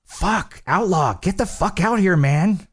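A man voicing an urgent, pushy male biker who shouts for his club brother. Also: high-pitched, expressive, slow, slightly rough, voice pushed up, heavily acted. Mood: impatient.

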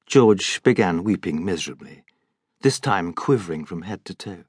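A man reading an audiobook in measured, scripted narration. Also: low voice, expressive, slightly rough, no room sound, studio quality. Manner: measured storytelling.

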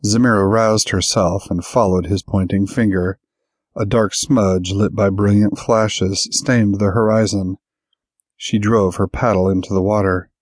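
On a close studio mic, a man with a lowish voice narrates a science-fiction audiobook in a measured, even storytelling style. The scripted narration is recorded dry.

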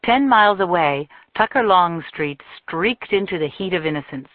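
A woman reading a novel aloud as an audiobook narrator, measured and expressive. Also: on the low side, no echo. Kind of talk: scripted narration. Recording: thin phone-like dry sound.

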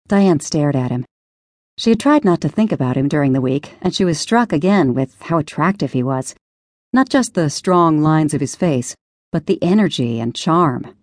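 A woman reading an audiobook as narrator in an even, measured way. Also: low voice, dry recording, clean studio sound. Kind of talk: scripted narration.

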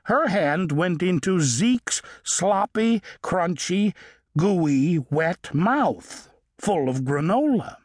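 A man reads a children's story aloud, taking his time and giving words playful emphasis. His voice sits fairly high and moves all over in pitch, and the studio recording is close and dry. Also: lively intonation, drawn-out words, dry recording. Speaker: audiobook narrator. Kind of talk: children's audiobook narration. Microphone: studio microphone.

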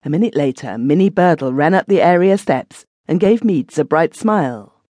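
A woman narrating a classic short story as an audiobook reader, in an expressive storytelling manner. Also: low-pitched, normal speed, no room sound. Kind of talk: scripted narration.

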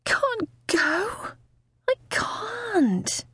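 A woman voicing a tearful young woman doctor fleeing her wedding, shaky and shrill when pressed. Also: big pitch swings, moderate pace, no echo. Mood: upset, shaky.

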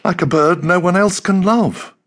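A sad, quietly longing young woman, put on by a male narrator in an audiobook. She speaks softly and with a lifted, lilting melancholy. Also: moderate pace, natural voice. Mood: wistful. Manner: soft, melancholy, pitched up. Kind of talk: audiobook character voice.

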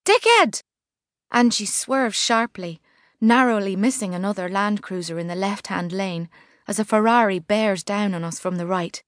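A woman reading a first-person novel as narrator, measured and vivid. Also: medium pitch, fairly even intonation, no echo, studio quality. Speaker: audiobook narrator. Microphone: studio mic.

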